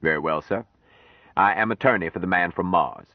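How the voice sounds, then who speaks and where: Sardonic older lawyer, read by a male audiobook narrator; deep, measured, dry close recording. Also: dry recording, phone-quality sound. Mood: dry, firm.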